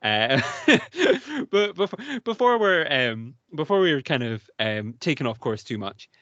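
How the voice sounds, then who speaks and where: A man's voice: a little high, very animated, takes it slowly, fairly bright tone, no echo, lo-fi sound. A British man co-hosting a podcast, talking in an enthusiastic, rambling way and laughing often. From United Kingdom. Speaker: podcast co-host. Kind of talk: casual chat.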